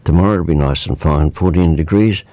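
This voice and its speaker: Male radio weather presenter, New Zealand accent, deep voice, laid-back read, dry studio sound. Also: a little fast, no room sound, muffled recording. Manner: relaxed, informal, with fillers and asides. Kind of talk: reading a weather report.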